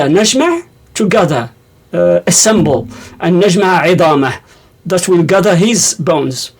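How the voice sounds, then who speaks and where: Older man with a gravelly, fairly high voice. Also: lively intonation. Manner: rambling, self-correcting, many fillers, recites verses quickly. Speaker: religious teacher. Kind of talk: explaining scripture to camera.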